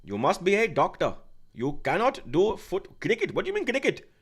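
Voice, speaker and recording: A man's voice: sits high, wildly swooping pitch, moderate pace, fairly bright tone, breathy edge, voice pushed up, exaggerated voice. A man voicing a strict immigrant father who scolds his son in a put-on accent. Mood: scolding. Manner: stern, insistent lecturing in a put-on accent.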